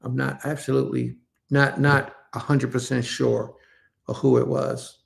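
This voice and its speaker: A man hosts an online religious service, his voice deeply gravelly at a middling pitch. He preaches casually and emphatically, doubling back on phrases. It sounds like a computer mic on a live stream. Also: little pitch movement, a little slow. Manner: repetitive, emphatic, addresses listeners as family. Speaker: congregation leader.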